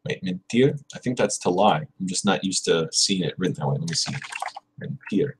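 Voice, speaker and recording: A man hosting a casual livestream, thinking aloud and chatting with viewers while he drills verb conjugations, repeating words slowly and correcting himself. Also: deep voice, animated, a little hiss or hum, rough recording. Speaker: livestream host studying Spanish.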